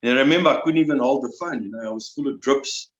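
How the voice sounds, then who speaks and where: An older South African army veteran, interviewed as a guest, tells a personal story with emotion, halting, restarting and repeating words as he goes. His voice is of ordinary middle pitch, and the recording is roomy and slightly dull.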